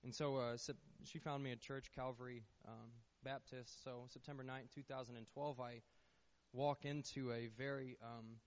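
In a church sanctuary, a young man gives his personal testimony to the congregation, speaking earnestly in a mid-range voice with little pitch movement at a normal speed. He tells his story with faltering repeats, frequent restarts and repeated words. The lo-fi recording sounds slightly muffled.

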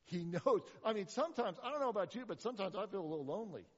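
A man preaching a sermon as pastor, animated, with rhetorical questions and sarcastic asides. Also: high-pitched, rapid-fire, husky, long reverb tail, lo-fi sound.

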